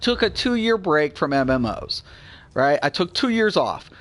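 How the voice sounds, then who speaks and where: A man in his forties hosting a gaming channel, ranting bluntly and swearing freely, swinging between low grumbling and loud excitement. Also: a little slow. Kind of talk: casual gameplay rant.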